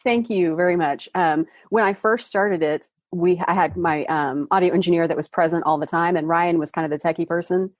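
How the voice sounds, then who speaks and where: A woman podcast host talking as a guest in a friendly, relaxed way. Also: on the low side, a little fast, few pauses, no room sound. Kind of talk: casual group chat.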